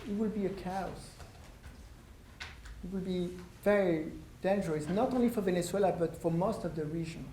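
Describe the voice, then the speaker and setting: A visiting ambassador from France gives a public talk in a university lecture room, his French accent audible and his high-sitting, dark-toned voice growing hoarse as he loses it. He speaks haltingly with many ums. There's no microphone, so the room recording is echoey with faint noise.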